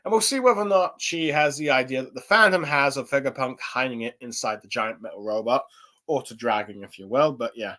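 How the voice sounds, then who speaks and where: A man's voice: mid-range voice, fairly quick, sharp tone. A young man giving a casual spoken review, rambling with lots of fillers and restarts. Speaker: anime and manga reviewer.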